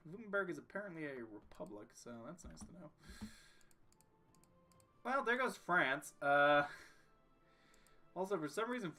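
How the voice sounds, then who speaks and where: A man's voice: on the high side, bright, forceful tone. A young man casually commenting on his strategy game as he plays, joking and talking to himself and the game. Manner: jokey, talks to himself and the game. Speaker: streamer playing a strategy game.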